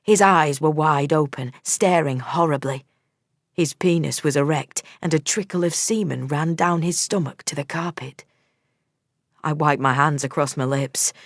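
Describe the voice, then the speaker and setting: A woman narrating a first-person audiobook in a measured, steady storytelling manner. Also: low-pitched, no room sound, clean studio sound.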